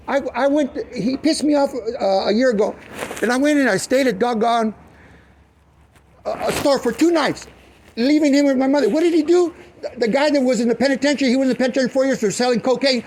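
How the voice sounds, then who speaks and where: A man's voice: very high-pitched, brisk, darkish tone, slight background noise. A man giving police a rambling, profane, agitated account of a family dispute. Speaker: family member speaking to police.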